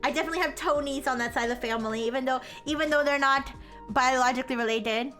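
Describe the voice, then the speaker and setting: A woman's voice: sits high, fast talker, a bit bright, soft background music. A woman livestreamer chatting casually with her viewers, giggly and rambling with many restarts. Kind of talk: casual chat with stream chat.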